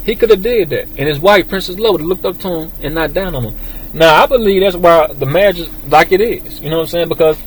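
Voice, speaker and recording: A man's voice: on the high side, fast talker, a little hiss or hum, rough recording. A man giving casual relationship advice straight to his viewers, stressing and repeating his key points.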